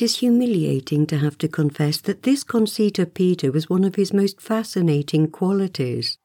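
Low, warm-voiced woman reading a storybook. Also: lively intonation, moderate pace, hardly any pauses, dry recording, studio quality. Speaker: audiobook narrator. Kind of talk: scripted storybook narration.

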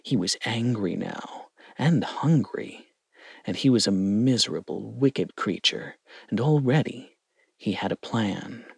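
A man narrates a storybook with a lively, rising and falling delivery. He takes his time over each line, his voice a little husky. The sound is dry and close. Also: fairly low pitch, slow pace, dry recording. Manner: expressive, lingering storytelling. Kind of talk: storybook reading.

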